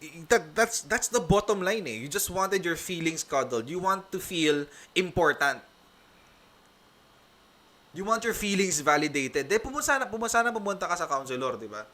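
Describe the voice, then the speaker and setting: A man's voice: sits high, lively intonation, brisk, sharp tone. A Filipino man hosting a heated reaction video, talking emphatically and repeating his points while mixing English and Tagalog. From Philippines. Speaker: vlog reaction host.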